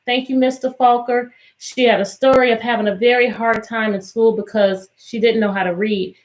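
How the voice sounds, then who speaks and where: A woman's voice: on the high side, low-quality recording. A woman teacher from Virginia leading a live online reading session for children over a video call. She greets the kids by name in a cheerful, encouraging way and sometimes sings her questions. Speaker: teacher and tutor hosting an online read-aloud.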